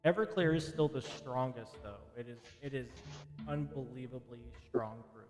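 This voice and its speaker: A man running a tabletop game as game master, rambling and stopping to restart his sentences. His voice rings with a long reverb, and faint music plays behind him. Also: medium pitch. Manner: rambling, halting, lots of restarts.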